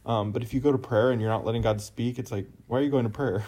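A young man co-hosting a casual faith talk, telling stories in a chatty, animated way with lots of fillers. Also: mid-range voice, quick pace, breathy edge. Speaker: podcast co-host.

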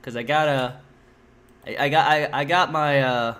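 A man with a bright, forceful voice hosting a loose podcast chat. He rambles, swears freely and drops in dry sarcasm, his pitch sitting in the ordinary middle range. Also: fairly even intonation, normal speed. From lives in New York. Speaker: podcast host. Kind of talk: casual chat.

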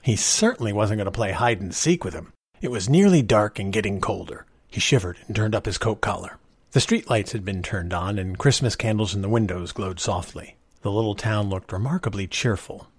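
Husky man reading a story. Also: on the low side, a little fast, no room sound. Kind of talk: reading a short story aloud.

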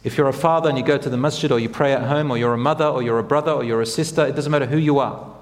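A man's voice: mid-range voice, racing, in a large hall. A man preaching a sermon as a teacher, speaking earnestly and putting direct questions to his listeners.

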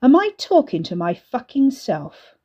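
A woman's voice: a little high, huge pitch swings, measured pace, warm tone, slightly rough, muffled recording, pitched above the performer's own voice, full character voice. A woman voicing a menacing swaggering young bully. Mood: snapping. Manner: sneering, threatening, coarse.

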